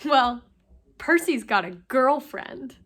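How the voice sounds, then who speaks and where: A woman's voice: sits high, expressive, slow, a bit bright, heavily acted. A woman reading the lines of a cheerful young girl sharing gossip, close to her own voice.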